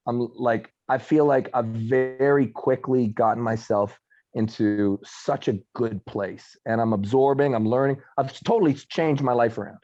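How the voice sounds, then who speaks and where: A middle-aged man, a guest arm wrestler, talking in a relaxed, reflective way and often slowing down to think. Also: medium pitch, dull audio, soft background music. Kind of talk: casual conversation.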